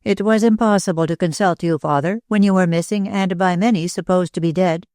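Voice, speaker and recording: A young woman in an audiobook, vehement and pleading as she speaks her grievances, voiced by the woman narrator. The tone runs low and close, with a dry, roomless sound. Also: steady tone, brisk, a little mellow, no room sound, natural voice. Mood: reproachful.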